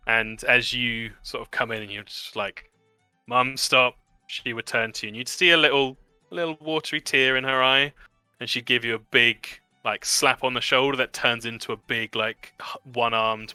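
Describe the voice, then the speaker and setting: A man narrating a tabletop game as game master, in a relaxed, chatty way with many fillers. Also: medium pitch, moderate pace, clear, resonant tone, dry recording, faint music behind.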